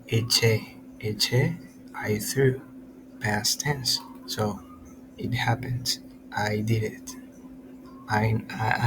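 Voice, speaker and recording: A man from America, a tutor teaching an online lesson in halting English with many restarts. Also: mid-range voice. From Latin America. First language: Spanish. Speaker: Spanish tutor. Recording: steady background noise.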